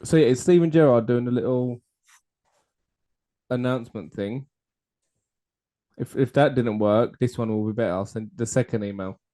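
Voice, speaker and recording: Mellow-voiced young man, laid-back co-host. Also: medium pitch, moderate pace, long pauses. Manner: laid-back, hesitant with fillers. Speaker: podcast co-host. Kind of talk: casual chat.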